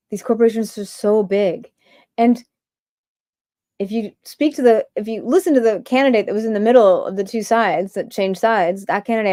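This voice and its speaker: A woman's voice: medium pitch, dark tone, dry recording, clean studio sound. A woman hosting a livestream, ranting in a rambling stream-of-consciousness way with many filler words. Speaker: livestream host.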